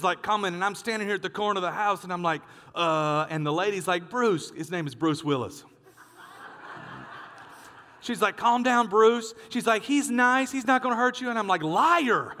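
A male pastor preaching a sermon, telling a story with lively acted-out voices. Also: high-pitched, in a large hall. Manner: animated storyteller, acts out dialogue.

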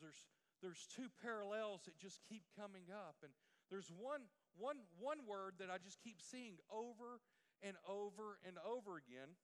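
Male pastor, high voice, chatty sermon delivery, church hall with long reverb. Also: fairly bright tone. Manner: conversational, asks the congregation questions. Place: church sanctuary.

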